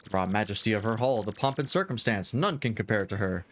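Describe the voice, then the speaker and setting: A man's voice: on the low side, lively intonation, fast talker, a little hiss or hum, lightly acted. Man doing a pompous rich adventurer. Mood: boastful. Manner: grandiose, flowery and theatrical. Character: pompous wealthy male adventurer-merchant. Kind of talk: reading game dialogue aloud with voices.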